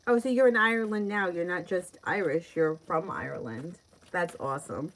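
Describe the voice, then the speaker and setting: A woman's voice: fairly low pitch, normal speed, poor audio. A middle-aged woman with a New York accent, chatting through a live-stream tarot reading and laughing often as she reads out viewers' questions. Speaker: tarot reader.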